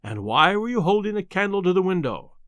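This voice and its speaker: A man's voice: high-pitched, very animated, brisk, fairly bright tone, dry recording. A man doing a stern commanding baronet. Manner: stern, demanding.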